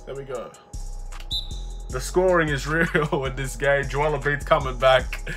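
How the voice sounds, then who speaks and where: A young man from Australia giving live commentary on his basketball video game, excitable, swinging between low muttering and frustrated shouts. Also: measured pace, long pauses, soft background music. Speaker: gaming YouTuber.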